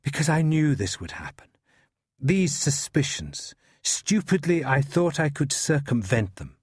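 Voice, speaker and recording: A man's voice: a little high, very animated, measured pace, husky, no echo, clean studio sound, heavily acted. An actor playing an evasive older male academic from Scotland, defensive under police questioning.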